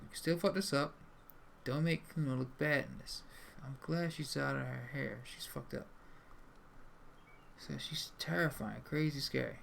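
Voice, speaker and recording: A young man streams a game, swearing casually as he reads the dialogue aloud. His voice has a gravelly edge. Faint noise hums under the mic. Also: a little high, a bit bright. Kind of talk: live gameplay commentary, reading dialogue aloud.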